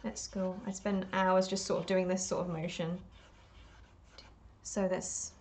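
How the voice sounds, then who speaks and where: A woman's voice: fairly low pitch, flat delivery, a little slow, a little mellow. A woman chatting on a live stream while she paints, rambling and talking to herself, self-deprecating and laughing often.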